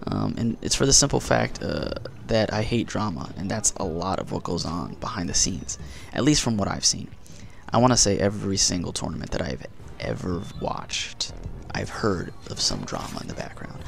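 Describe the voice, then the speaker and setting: A man's voice: low voice, very animated, normal speed, creaky. A man doing casual gameplay commentary in a just-woken morning voice, chatty and rambling with self-mocking jokes. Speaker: gaming commentator.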